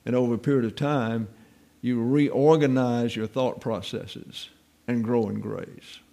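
A man teaches the Bible in a relaxed, folksy way, mixing in wry stories from his own life. His voice is gravelly and sits at an ordinary mid pitch. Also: measured pace. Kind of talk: informal Bible teaching with personal anecdotes.

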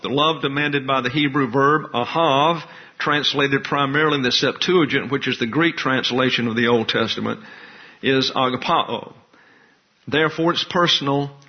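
A man teaching a sermon-style Bible lesson, measured and methodical, repeating key phrases for emphasis. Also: mid-range voice, highs cut off. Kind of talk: expository sermon.

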